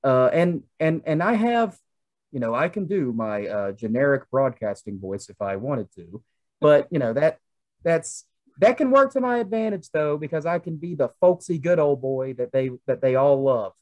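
A man's voice: a little high, lively intonation, normal speed. Chatty young Southern man. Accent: Southern American. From American South. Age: young adult. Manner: chatty, rambling with many fillers. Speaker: podcast co-host. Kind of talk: casual chat.

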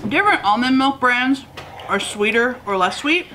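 A woman's voice: fairly high pitch, animated, moderate pace, background noise. Sleepy woman chatting over breakfast. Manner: chatty, rambling with fillers. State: just woken up, yawning. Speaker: mukbang host. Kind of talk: casual chat to camera while eating. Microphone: camera mic.

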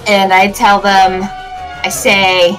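A woman's voice: medium pitch, level tone, slow, fairly bright tone, rough recording. Woman, tabletop player, eager, laughs a lot, background music. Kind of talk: tabletop role-play.

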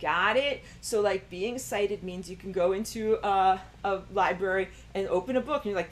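A woman's voice: mid-range voice, normal speed, few pauses, a little hiss or hum. A woman teaching a recorded online lecture, rambling with many fillers and jumping into a raised voice when she acts out quoted thoughts. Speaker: spiritual teacher.

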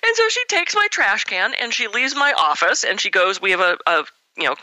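Bright, animated woman telling a story. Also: medium pitch, a little fast, no room sound, rough recording. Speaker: guest, massage therapist. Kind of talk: casual storytelling interview.

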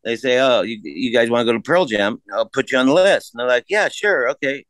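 A man telling a story as a podcast guest in a casual, laid-back way, swearing freely and jumping his pitch up to act out the voices of people he quotes. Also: lively intonation, fast, clean tone, no room sound. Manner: acts out quoted voices with big pitch jumps.

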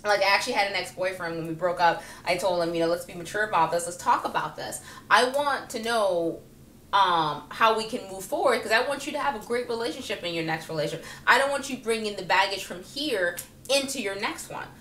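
Bright-voiced chatty woman in an echoey room. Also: medium pitch, a little fast, a little hiss or hum. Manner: chatty and animated, many fillers, frequent laughter. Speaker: vlogger. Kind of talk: casual comedic monologue to camera. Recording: roomy echo, speaking from a distance.

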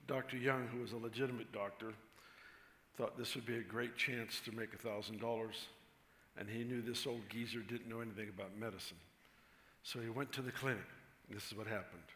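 A male pastor speaking at a conference, telling jokes in a relaxed, chuckling way before preaching. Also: medium pitch, fairly quick. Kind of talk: sermon with told jokes. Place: large conference hall. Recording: echoey hall, faint noise.

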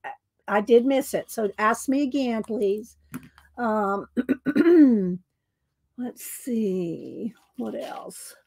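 A woman hosting a casual craft livestream, chatting to viewers by name with frequent ums and throat clearing. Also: a little high, drawn-out words, pauses often, a little mellow.

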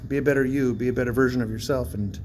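A man's voice: medium pitch, fairly even intonation, racing, noisy background. A man rambling in a casual vlog, chatty and self-mocking, often breaking into laughter. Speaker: vlogger. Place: outdoors by a bridge.

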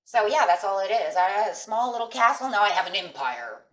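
A middle-aged woman does a chatty tarot reading, her medium-pitched voice lively, fairly quick, and fairly bright. She speaks emphatically and directly to her viewers, often asking "right?", while sitting off-mic in an echoey room.

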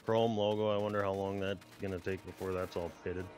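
A man's voice: sits low, flat delivery, brisk, darkish tone, soft background music. A man chatting casually while playing a game with friends, teasing with crude humor. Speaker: co-player.

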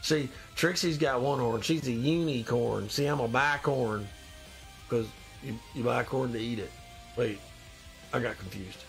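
A man's voice: mid-range voice, unhurried, vocal fry, soft background music. A man with a stuffy nose hosting a casual live stream, joking and rambling as he reads out viewer comments. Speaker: live-stream host in demon costume.

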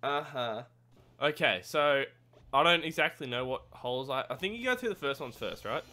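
Excitable gamer yelping through gameplay. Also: medium pitch, normal speed. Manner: excitable, yelps and shouts at the game; swears and mocks own skill. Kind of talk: let's-play gameplay commentary.

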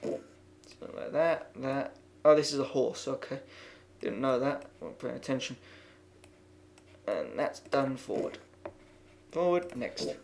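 A man's voice: mid-range voice, expressive, slow, creaky, long pauses, a little mellow, a little hiss or hum. A man playing a video game and commenting aloud, muttering, swearing often and reading the on-screen text as he goes. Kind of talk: let's-play commentary.

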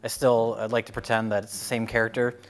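A man's voice: mid-range voice, little pitch movement, quick pace, soft background music. A man cohosting a casual film review chat with dry, sarcastic humor.

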